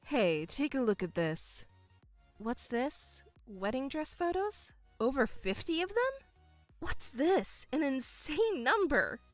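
A woman's voice: sits high, big pitch swings, takes it slowly, no echo, faint music behind, exaggerated voice. A woman voicing an exasperated young daughter. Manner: restrained, exasperated, quietly sarcastic. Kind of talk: voiced story narration.

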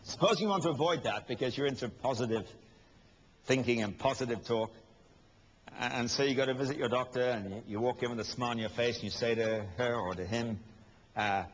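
A man's voice: medium pitch, a little fast, a little hiss or hum. A man preaching a sermon with emphasis, asking rhetorical questions and acting out quotes with humor. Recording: dull lo-fi recording with long hall reverb.

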